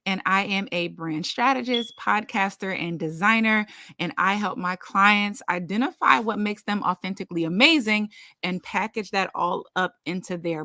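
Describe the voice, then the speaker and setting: Woman panel guest, animated storyteller, dry close recording. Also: mid-range voice, dry recording. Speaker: brand strategist and podcast guest. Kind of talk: casual storytelling.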